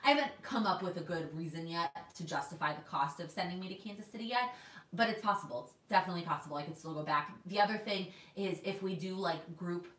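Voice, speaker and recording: A woman's voice: fairly low pitch, expressive, quick pace, fairly bright tone, reverberant, distant mic. A woman in her twenties from Texas, chatting casually on a livestream and reading out viewer comments. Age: 20s. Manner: chatty, reads viewer comments aloud, restarts often. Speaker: planner vlogger. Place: home in New York.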